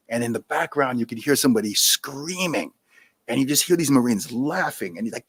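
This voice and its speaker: Lively man telling war stories on a podcast. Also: medium pitch, fast talker, breathy edge, dry recording. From New York. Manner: animated, acts out quoted voices, laughs often. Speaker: podcast guest. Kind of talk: casual storytelling.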